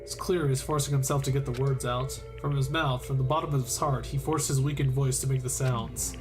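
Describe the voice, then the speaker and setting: Excitable goofy male game streamer. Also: mid-range voice, fairly quick, music in the background. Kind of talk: reading a visual novel aloud.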